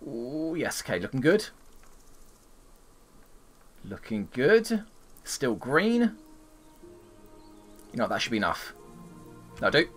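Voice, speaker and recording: Lively-voiced man muttering over a game. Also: medium pitch, slow pace, pauses often, soft background music. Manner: mutters asides and talks back to game characters. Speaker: gaming streamer. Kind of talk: let's play commentary.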